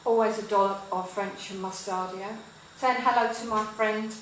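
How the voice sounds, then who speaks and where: A middle-aged woman rambles cheerfully through a story as she cooks, full of fillers and asides. Her voice sits in a medium register and bounces around a very echoey kitchen. She is some way from the microphone, with clear frying and sizzling behind her. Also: mid-range voice, steady tone, moderate pace. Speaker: cooking show host. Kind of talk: live cooking chat with storytelling. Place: home kitchen. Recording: very echoey kitchen, mic far off, cooking noise. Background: frying and sizzling, stirring.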